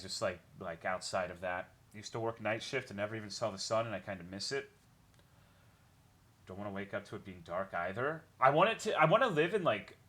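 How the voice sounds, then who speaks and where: A man's voice: lowish voice, a bit bright. A young man streaming a game, chatting casually with his viewers in a rambling way, swearing often and greeting chat by name.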